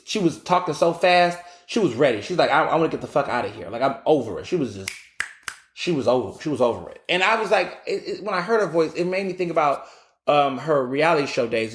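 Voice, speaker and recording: A man hosting his own podcast, talking bluntly and swearing freely as he throws sassy asides to his listeners. His pitch sits at an ordinary middle for a man. The recording has a roomy echo. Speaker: podcast host. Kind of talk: casual opinionated commentary.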